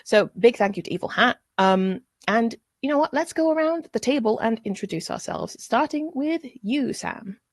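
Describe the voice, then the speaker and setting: A woman's voice: a little high, lively intonation, normal speed, hardly any pauses, no echo, studio quality. A woman hosting a tabletop game stream as game master, chatty and giggly. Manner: chatty and giggly, with frequent fillers.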